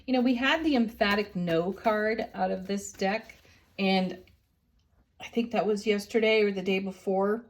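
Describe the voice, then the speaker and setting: A middle-aged woman giving a daily tarot card reading, unhurried and gentle, often laughing softly. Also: medium pitch. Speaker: tarot reader and channel host.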